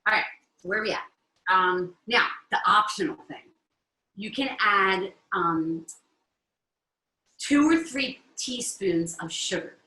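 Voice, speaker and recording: A woman's voice: medium pitch, slow pace, pauses often, sharp tone, echoey room, rough recording. A middle-aged woman with an Italian-American accent, hosting a live home cooking demonstration and chatting with viewers as she works. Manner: chatty, checks in with viewers often. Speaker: cooking show host. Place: home kitchen.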